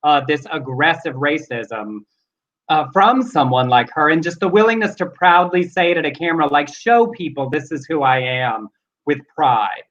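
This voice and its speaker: A man's voice: on the high side, very animated, normal speed, a bit bright, lo-fi sound. A man co-hosting a talk show, reading news and reflecting earnestly on it. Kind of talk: casual news chat.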